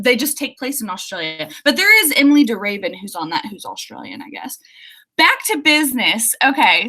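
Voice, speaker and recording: Bright, chatty young woman streaming. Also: fairly high pitch. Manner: chatty and giggly, reading viewer comments aloud. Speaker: author hosting a writing livestream. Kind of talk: casual livestream chat.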